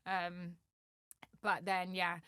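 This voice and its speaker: A young adult woman chatting as a podcast guest, animated, with lots of fillers and acted-out quotes. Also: on the low side, extremely slow, smooth, dry recording, studio quality. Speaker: podcast guest, agency founder. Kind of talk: casual podcast chat.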